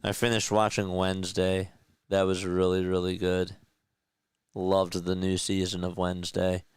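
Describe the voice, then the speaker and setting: A man with a South Jersey accent calling a baseball game play-by-play in a casual streamer style, chatting and joking with his chat between pitches. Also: monotone, a little slow, clean tone, no echo.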